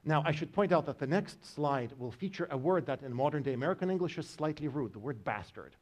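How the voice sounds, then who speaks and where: A man's voice: on the high side, animated, fast, darkish tone. A man giving a university biology lecture, joking with his students as he explains. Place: lecture hall.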